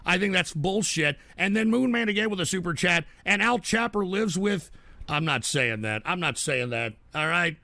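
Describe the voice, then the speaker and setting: A man hosting a political livestream show, ranting and swearing and shouting at trolls in the chat. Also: high voice, animated, moderate pace, no room sound. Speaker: political talk show host. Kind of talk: angry livestream rant.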